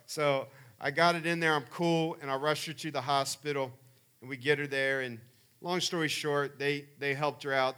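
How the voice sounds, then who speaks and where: A middle-aged man preaching a sermon, telling personal family stories and building to loud emphatic peaks. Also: medium pitch, clear, resonant tone. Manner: animated storyteller, rising to loud emphatic peaks. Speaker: pastor.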